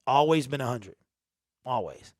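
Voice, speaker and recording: In a raw, unedited monologue, the man behind a sports talk channel speaks to his viewers with emphasis, earnest emotion and a lot of repetition. He has a mid-range voice, lively intonation and a measured pace, recorded dry at studio quality.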